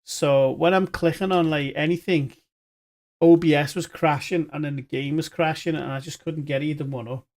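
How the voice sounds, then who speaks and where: A man's voice: a little high, fairly even intonation, moderate pace, a little mellow. Chatty man streaming a game. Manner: chatty, rambling, jokey asides. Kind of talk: live gameplay commentary.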